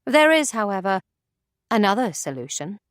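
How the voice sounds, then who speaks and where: Lady reading an audiobook, expressive and measured, super dry close mic. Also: mid-range voice, no echo. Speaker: narrator. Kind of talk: audiobook narration.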